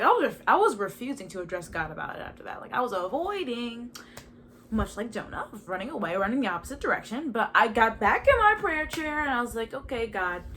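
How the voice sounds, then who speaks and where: Chatty young woman with a higher voice. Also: a little hiss or hum. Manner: chatty, animated storytelling with frequent "like". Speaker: podcast host. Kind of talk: casual personal testimony. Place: at home in a chair indoors.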